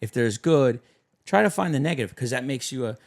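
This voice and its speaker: A man's voice: medium pitch, expressive, a little fast, creaky. Young male podcast host, loose and rambling, filler-heavy casual chat. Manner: rambling, full of fillers and restarts.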